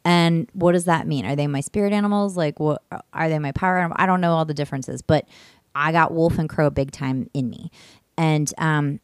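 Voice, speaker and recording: A woman host casually telling a rambling story, animated and laughing, swearing freely and restarting her sentences. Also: deep voice, fairly quick, smooth, no echo, clean studio sound. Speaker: podcast host.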